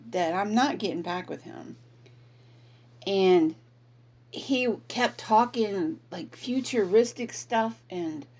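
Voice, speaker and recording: A woman host telling a personal story in a candid, frustrated, casual way, sometimes swearing. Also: fairly low pitch. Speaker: podcast host.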